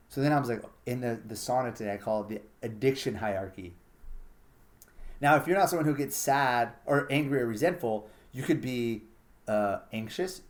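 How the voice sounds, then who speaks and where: A man hosting a casual solo monologue, blunt and profane, acting out his own inner thoughts as he talks. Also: mid-range voice. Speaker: podcast host.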